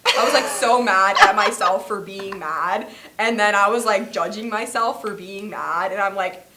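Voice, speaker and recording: A woman's voice: mid-range voice, moderate pace, pushed and bright, a little hiss or hum. A young woman co-hosting a podcast, chatting casually and telling a story animatedly, with lots of filler words and acted-out quotes. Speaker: podcast co-host. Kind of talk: casual chat.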